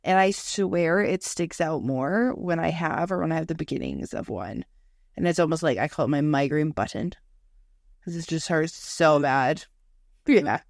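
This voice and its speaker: With a deep, creaky voice, lively intonation and normal speed, a young woman co-hosting a casual podcast tells stories in a chatty way. She swears, laughs and acts out people's lines, and the studio-quality recording has no echo.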